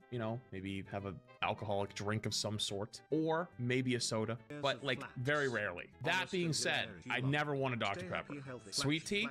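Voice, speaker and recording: Animated young man commentating gameplay. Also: medium pitch. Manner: rambling, jokey, quick asides. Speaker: streamer and commentator. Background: game music.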